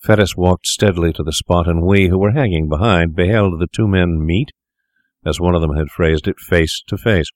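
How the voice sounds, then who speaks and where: A man narrating a classic story aloud in a measured, formal storytelling manner. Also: low-pitched, a little mellow, no room sound, studio quality. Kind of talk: audiobook narration.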